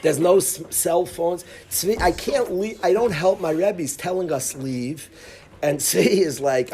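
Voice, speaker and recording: A middle-aged man, a rabbi, telling a personal story to his class in a lively way, with asides, restarts and chuckles. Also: a little high, moderate pace, slight background noise. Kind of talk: animated storytelling to students.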